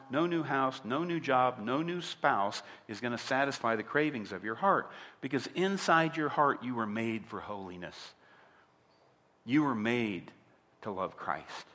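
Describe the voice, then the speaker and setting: A man's voice: mid-range voice, lively intonation, measured pace, fairly bright tone, long reverb tail. A man preaching a sermon as a pastor, emphatic and asking his listeners direct questions. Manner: emphatic, asks the audience rhetorical questions.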